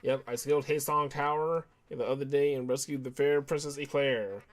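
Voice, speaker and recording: A man's voice: mid-range voice, steady tone, moderate pace, close to an everyday voice. A man reading the lines of a laid-back, boastful adult man hero who calls the listener bro. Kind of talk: reading game dialogue aloud.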